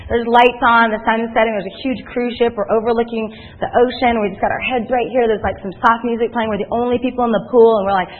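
A woman speaking to a live audience at a sales meeting, telling animated stories and acting out other people's lines in a chatty, energetic way. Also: fairly high pitch, quick pace, few pauses. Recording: tinny phone-like recording.

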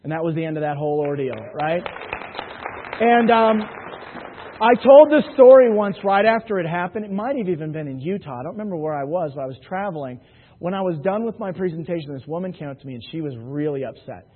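Picture a jokey sales presenter spinning stories before a hall audience, constantly asking them "right?". He sounds a little high, animated, and fairly quick. Slight background noise sits under a tinny, phone-like recording with long reverb from the hall.

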